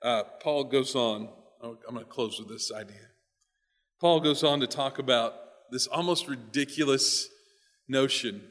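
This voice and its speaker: A male pastor giving an emphatic sermon, often repeating words, moving between quiet asides and loud stresses, with long hall reverb. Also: medium pitch, a little slow.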